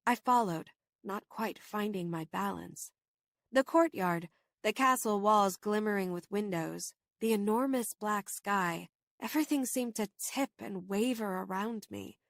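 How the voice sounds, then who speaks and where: A woman reading a first-person horror novel aloud in steady, measured audiobook narration. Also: mid-range voice, vocal fry, dry recording, studio quality.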